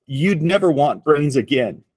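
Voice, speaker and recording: A man voicing a gentle, hungry male zombie in a storybook, moaning his words slowly. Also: a little high, expressive, no echo, clean studio sound. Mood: moaning, longing. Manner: slow, moaning delivery.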